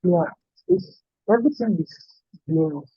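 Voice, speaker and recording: A man student answers his instructor over a call, stumbling and restarting his sentences. His voice sits high for a man and sounds husky, squeezed through a narrow, phone-like line. The sound is dry, with no room echo. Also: very animated, measured pace. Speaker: trainee student. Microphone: call audio. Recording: tinny phone line, muffled.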